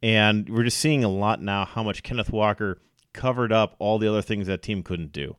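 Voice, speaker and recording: A man's voice: on the low side, moderate pace, clear, resonant tone, dry recording. Sports host, male, conversational and number-heavy, laughs easily, dry booth sound. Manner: chatty, analytical, laughs easily, quotes stats. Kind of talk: casual sports chat.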